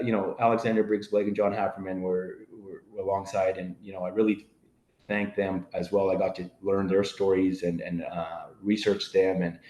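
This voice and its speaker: A man's voice: low voice, darkish tone. Rambling middle-aged man, roomy echo. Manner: rambling, full of fillers, acts out quoted family voices. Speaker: podcast guest. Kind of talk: casual storytelling.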